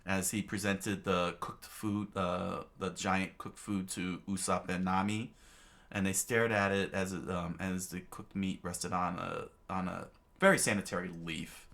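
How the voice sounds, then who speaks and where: A man's voice: sits low, steady tone, a little slow, creaky, a bit bright. A man reading a comic aloud, rambling with fillers and giggling as he goes. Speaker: reader of a comic. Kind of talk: loose improvised comic reading.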